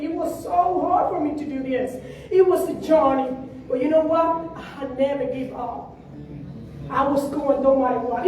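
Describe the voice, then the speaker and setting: A very high-voiced woman tells her story in an animated motivational speech, laughing as she goes. She is picked up from a distance in a very echoey event room, with faint noise behind her. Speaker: featured speaker at a networking event.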